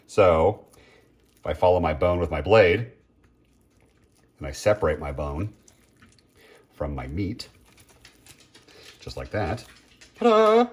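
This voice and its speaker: A man casually chatting as he cooks at home, rambling, interrupting himself and filling gaps with ums and uhs. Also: low-pitched. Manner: rambling, self-interrupting, chatty with frequent fillers. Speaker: home cooking vlogger. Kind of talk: casual cooking commentary.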